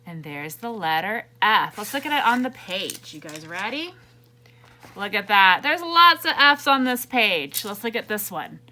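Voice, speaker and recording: A woman teacher reading a picture book to young children and teaching letters, gentle and encouraging, asking them questions. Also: medium pitch, big pitch swings, a little slow.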